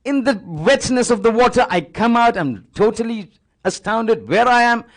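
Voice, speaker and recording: A man's voice: very high-pitched, expressive, normal speed. A man giving a sermon, retelling a religious story with dramatic repetition and acted-out dialogue. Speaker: religious speaker.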